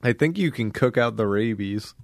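A man's voice: lowish voice, moderate pace, creaky, dry recording, clean studio sound. Profane joking young man. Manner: profane, joking, animated storytelling. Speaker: podcast co-host. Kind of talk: casual chat.

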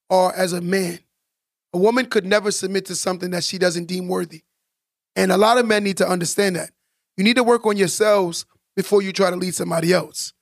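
Emphatic high-voiced man, gravelly edge. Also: dry recording, clean studio sound. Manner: emphatic, preachy, repeats for stress. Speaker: podcast co-host. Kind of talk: casual podcast discussion.

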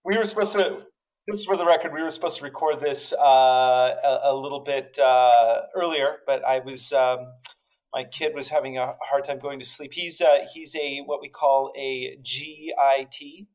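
A man's voice: medium pitch, normal speed, a little mellow, poor audio. A man from the Netherlands co-hosting a podcast, telling a story in casual chat with many restarts and fillers. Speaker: podcast co-host.

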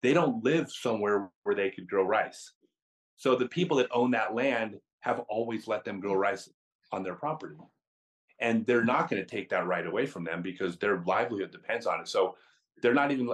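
A man who is a podcast guest and tells chatty, animated stories with frequent restarts. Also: lowish voice, normal speed. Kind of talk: casual storytelling.

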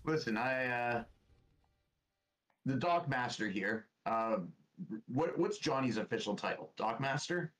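A man's voice: medium pitch, expressive, a little slow, long pauses, fairly bright tone, faint music behind, rough recording. A man taking part as a player in a tabletop game, speaking hesitantly with many fillers. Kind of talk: in-character tabletop play.

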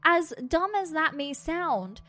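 A woman on a podcast, casually telling a personal story with animated asides and acted-out quotes. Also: high-pitched, takes it slowly. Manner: animated storytelling, acts out her own quotes with laughs. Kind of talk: casual chat.

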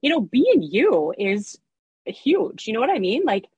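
Woman guest, husky, dry close sound; chatty storyteller, full of "like" and "you know.". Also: a little high, unhurried, no room sound, lo-fi sound. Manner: chatty, animated storytelling with fillers and laughs. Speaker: erotica author and audiobook narrator, guest. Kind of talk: casual interview chat.

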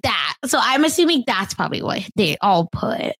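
Lively young woman gossiping on a podcast. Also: mid-range voice, moderate pace, slightly rough, no room sound. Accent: Indian. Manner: animated, chatty, laughs often. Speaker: podcast co-host. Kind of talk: casual celebrity gossip chat.

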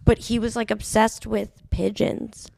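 Gravelly-voiced young woman telling stories. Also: medium pitch, measured pace, no room sound. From New York City. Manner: animated storyteller, swears freely. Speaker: comedian guest. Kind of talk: casual podcast chat, storytelling.

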